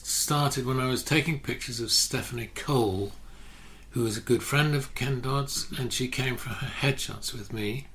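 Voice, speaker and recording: An older man, a photographer telling stories in a relaxed interview, often restarting his sentences. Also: medium pitch. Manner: anecdotal, self-correcting, many restarts. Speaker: guest photographer. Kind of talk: casual interview chat.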